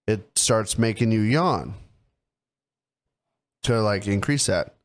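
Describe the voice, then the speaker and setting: A man's voice: lowish voice, takes it slowly. A man in his thirties co-hosting a podcast, explaining things loosely and teasing his best friend in casual banter. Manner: teasing, joking, mocks his friend in put-on voices. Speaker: podcast co-host.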